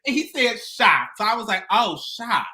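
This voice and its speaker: A woman's voice: on the high side, fairly quick, noisy background. A woman co-hosting a casual chat show, telling stories with lots of laughter. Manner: animated storytelling, laughing often. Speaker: co-host.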